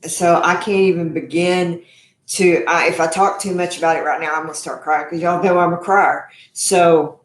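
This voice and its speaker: A woman's voice: fairly low pitch, fairly even intonation, moderate pace, echoey room. Chatty woman hosting a live cooking show. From Texas. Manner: chatty and effusive, addressing viewers as y'all. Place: home kitchen.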